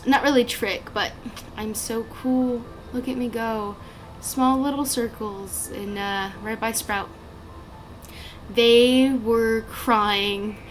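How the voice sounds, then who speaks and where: Woman, casual gaming commentary, chatty and rambling, a bit high. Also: fairly even intonation, takes it slowly, slight background noise. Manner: chatty and rambling, many fillers and restarts. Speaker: gaming channel creator.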